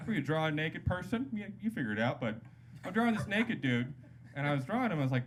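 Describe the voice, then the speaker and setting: Man doing animated club stand-up. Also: a little high, quick pace. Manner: loose, jokey delivery with sudden loud voiced-up quotes. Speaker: stand-up comedian. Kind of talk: stand-up set. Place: comedy club stage. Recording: live club set with loud audience noise. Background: loud audience laughter.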